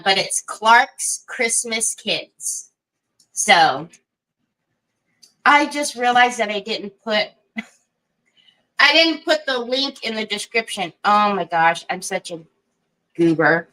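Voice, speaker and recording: Bright, chatty woman hosting a craft stream. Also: fairly high pitch, expressive, slow, poor audio. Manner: chatty, greets viewers by name, laughs often; self-deprecating and giggly. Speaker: craft livestream host. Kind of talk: casual livestream chat.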